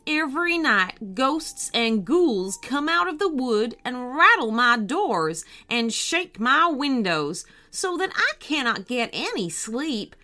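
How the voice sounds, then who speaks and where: A woman playing a sad, tired middle-aged male farmer in a children's storybook reading, speaking slowly and mournfully. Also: sits high, very animated, pushed and bright, full character voice. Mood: weary. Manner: slow, mournful delivery.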